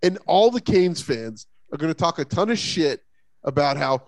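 Guy rambling on about college football, kinda high gravelly voice, lots of uhs. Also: normal speed, no echo. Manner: rambling, animated, many fillers and restarts. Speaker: podcast co-host. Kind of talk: casual sports talk.

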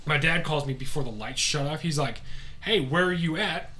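Bright, slightly high-voiced man swearing casually. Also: normal speed. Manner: profane, laughing storyteller. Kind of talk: casual storytelling chat. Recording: faint background noise.

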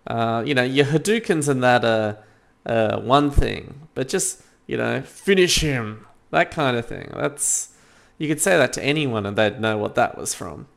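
Gravelly man co-hosting. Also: mid-range voice, unhurried. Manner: joking, animated when riled up. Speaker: podcast co-host. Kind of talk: casual chat.

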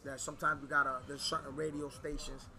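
A man, telling stories in animated casual chat full of slang and swearing. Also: fairly high pitch, quick pace, crowd noise. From New York. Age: 30s.

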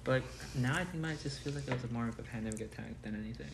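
Fast-talking young man, halting. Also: medium pitch, gravelly, very noisy. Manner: hesitant, halting restarts. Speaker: podcast co-host. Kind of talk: casual chat.

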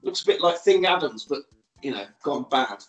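A man's voice: medium pitch, animated, normal speed, a bit bright, roomy sound, faint music behind, rough recording. Man retelling a film. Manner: storytelling, acting out characters' lines. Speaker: podcast co-host. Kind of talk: casual film recap.

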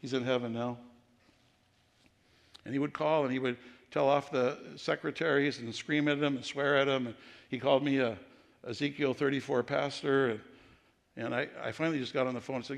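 A man's voice: mid-range voice, steady tone, a little fast, gravelly. A middle-aged man preaching as a pastor, telling personal stories in a conversational way with frequent restarts. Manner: storytelling, conversational with repeated restarts. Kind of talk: sermon. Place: church sanctuary. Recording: reverberant church hall.

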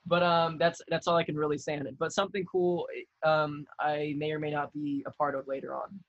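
A young adult man talking as a relaxed guest on a podcast over a video call. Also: a little high, fairly quick, dry recording, lo-fi sound. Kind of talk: casual podcast chat.

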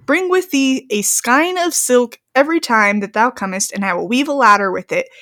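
A woman's voice: a little high, animated, moderate pace, a bit bright. A young woman reading a fairy tale aloud, breaking off into giggly, joking commentary. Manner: giggly, reads old-fashioned text then breaks into joking commentary. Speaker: story reader and co-host.

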